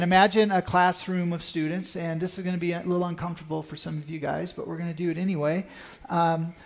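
A man giving an earnest talk at church about a mission trip, and leading the congregation in a hands-on exercise. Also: high-pitched. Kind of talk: sermon.

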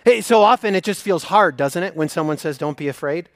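High-voiced earnest male preacher. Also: lively intonation, brisk, no room sound, studio quality. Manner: earnest, swings from emphatic to hushed and intimate. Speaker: pastor. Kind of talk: sermon.

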